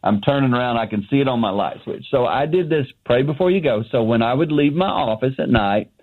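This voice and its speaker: A man's voice: mid-range voice, a little fast. Middle-aged male guest for a call-in segment, earnest storyteller, heard over a thin phone line. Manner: earnest, animated storyteller who acts out dialogue. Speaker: ministry founder, guest. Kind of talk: telling a personal story on a radio show. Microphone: remote line.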